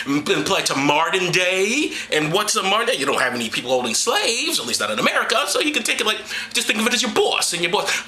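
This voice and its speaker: A man's voice: fairly high pitch, bright, forceful tone, echoey room, slight background noise. A man giving crude, sarcastic commentary and reading aloud in a mocking tone. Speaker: vlogger.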